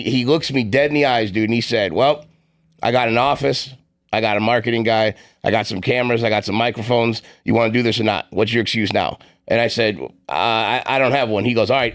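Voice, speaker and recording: Fast-talking gravelly podcast host. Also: male voice, mid-range voice, no room sound, clean studio sound. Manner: fast, rambling storyteller with fillers. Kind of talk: casual podcast chat.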